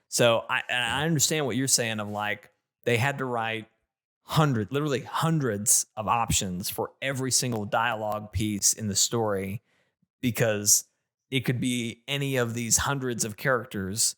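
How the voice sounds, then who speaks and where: A man co-hosting a casual gaming podcast, talking in an animated, ranting way with lots of restarts. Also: medium pitch, moderate pace. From not British. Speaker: podcast co-host.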